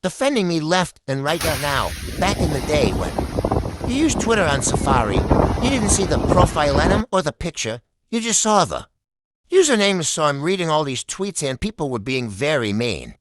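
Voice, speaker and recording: A man's voice: a little high, big pitch swings, normal speed, heavy background noise. A man doing stand-up, telling a crude, profane story and acting out the people in it. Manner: crude, profane, story told with act-outs. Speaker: stand-up comedian.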